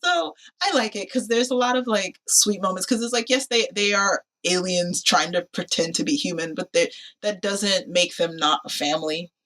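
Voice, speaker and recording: Woman podcaster retelling a movie scene by scene, lots of "like", slips into character voices, middle pitch. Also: normal speed, hardly any pauses. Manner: animated, acts out quotes with lots of "like" and laughs. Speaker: podcast co-host. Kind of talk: casual movie recap chat.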